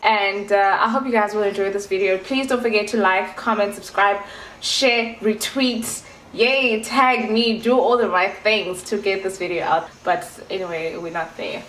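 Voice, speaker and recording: A woman in her twenties from South Africa talks to her viewers in a loose, rambling vlog style full of playful asides. Her voice sits in a middle pitch. The room around her rings with a noticeable echo. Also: moderate pace, fairly bright tone. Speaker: vlogger. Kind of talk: casual chat to camera.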